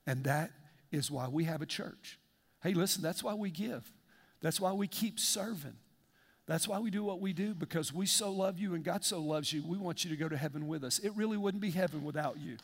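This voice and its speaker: A man's voice: fairly high pitch, fairly quick. A man preaching a fervent, conversational sermon and repeating phrases as a pastor. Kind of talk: sermon with altar call. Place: large church auditorium. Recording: long reverb of a big hall.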